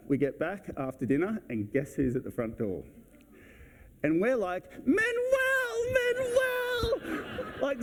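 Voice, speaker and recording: A man's voice: mid-range voice, darkish tone. A man giving a casual, anecdotal talk as a speaker at a real estate event, acting out scenes as he tells a story. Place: event hall on stage.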